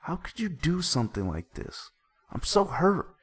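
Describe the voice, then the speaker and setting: A man doing a shrill, wounded wife. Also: sing-song, unhurried, breathy edge, full character voice. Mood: hurt. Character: hurt, shrill cheating wife. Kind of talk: comic dramatic reading.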